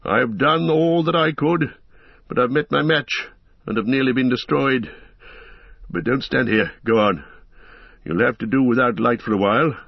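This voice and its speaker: A man voicing a commanding old male wizard who gives urgent, raised orders, in a husky voice on a dull recording. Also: mid-range voice, normal speed, long pauses, dry recording. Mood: shaken, urgent.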